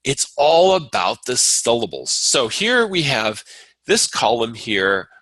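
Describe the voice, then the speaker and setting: A man teaching a Sanskrit class, explaining at an unhurried pace with frequent fillers and restarts. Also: mid-range voice, sing-song, fairly bright tone, no room sound, poor audio. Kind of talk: lecture.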